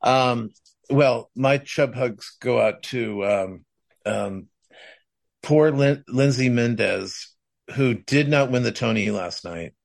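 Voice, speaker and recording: Taking it slowly with a medium-pitched voice and vocal fry, this man co-hosts a podcast. His casual chat wanders, full of fillers and restarts.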